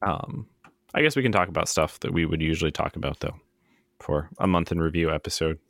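A man with a very low voice chats easily on a podcast, relaxed and self-deprecating, full of ums and little restarts. The sound is close and dry, with no room around it. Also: brisk, vocal fry, no room sound. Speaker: podcast co-host. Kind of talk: casual chat.

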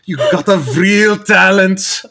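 A man's voice: high voice, fairly even intonation, takes it slowly, creaky, sharp tone, soft background music, voice pushed up, exaggerated voice. A man putting on a Frisian American accent as a fond, praising elderly grandparent. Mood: doting. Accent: put-on Frisian American.

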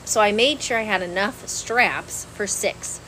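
A woman telling a long story in casual podcast chat, animated and laughing often. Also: medium pitch, unhurried, a little hiss or hum, rough recording. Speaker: podcast co-host.

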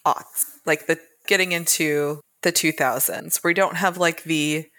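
A woman's voice: low voice, steady tone, measured pace, sharp tone. A woman co-hosting a romance book podcast, talking casually and thoughtfully, analyzing the books with occasional laughs. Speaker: podcast co-host.

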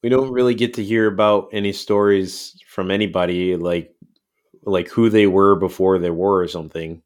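A man's voice: deep voice, fairly even intonation, moderate pace, a little mellow. A man co-hosting a podcast in casual chat, laid-back, laughing often and leaning on fillers. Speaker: podcast co-host.

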